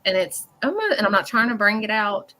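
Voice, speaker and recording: Woman medium doing a live call-in reading. Voice bright and forward. Halting, earnest and blunt, with frequent "okay?" check-ins. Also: medium pitch, very animated. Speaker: psychic medium giving a reading.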